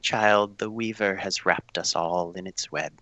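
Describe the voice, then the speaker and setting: A man doing a hushed, ominous old seer. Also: fairly low pitch, unhurried, gravelly, no echo, pitched below the performer's own voice, heavily acted.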